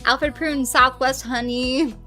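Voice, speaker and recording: A high-voiced woman streams a game over faint background music. Excitable and quick with a swear word, she chats casually with viewers and squeals a greeting each time one arrives.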